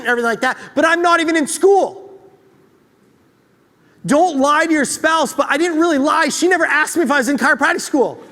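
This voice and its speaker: High-voiced man telling a story in a hall. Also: fast talker. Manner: animated, joking, self-deprecating. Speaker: speaker at a chiropractic event. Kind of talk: motivational storytelling talk to a live audience. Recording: long hall reverb.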